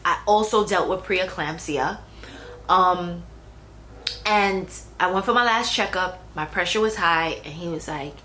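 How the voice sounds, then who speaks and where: A woman's voice: on the low side, normal speed, pushed and bright, poor audio. A young adult woman talking casually about her own pregnancy, chatty, with fillers and restarts. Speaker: vlogger. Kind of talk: casual personal storytelling. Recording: faint background noise.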